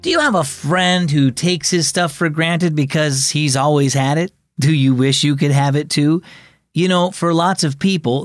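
A man hosting and narrating a children's devotional story in a gentle, expressive storytelling manner. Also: a little high, normal speed, no room sound, clean studio sound. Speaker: host and narrator.

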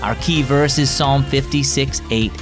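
A man's voice: mid-range voice, fairly even intonation, a little slow, over music. A man hosting a children's devotional program, reading scripted narration in an encouraging storyteller's way.

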